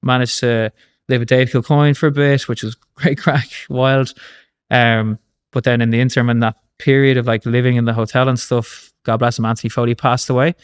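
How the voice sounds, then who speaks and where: A man in his thirties with an Irish accent, a guest telling his story in a casual interview, animated and swearing casually, with lots of fillers. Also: mid-range voice, fairly quick, clear, resonant tone. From Ireland. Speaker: guest, former rugby player.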